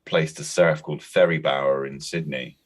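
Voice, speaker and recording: A man from Cornwall speaks with a Cornish accent in a very low, deep voice. He is a chatty guest who tells his stories with lots of energy. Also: steady tone, normal speed. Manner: chatty storyteller, puts on voices in anecdotes. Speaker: interview guest, voice actor. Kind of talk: casual video-call chat.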